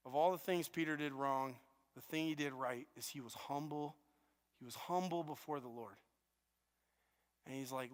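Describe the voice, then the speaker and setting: A man's voice: medium pitch, normal speed, long pauses. A man preaching a sermon as pastor, earnest, often stumbling and repeating words as he restarts his sentences. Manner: earnest, with frequent stammered restarts and repetitions. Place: church auditorium. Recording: long reverb of a church hall.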